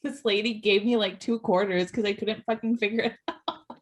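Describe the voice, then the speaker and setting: A woman's voice: medium pitch, steady tone, moderate pace. A woman co-hosting a podcast in casual chat, laughing and swearing freely as she tells a story. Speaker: podcast co-host.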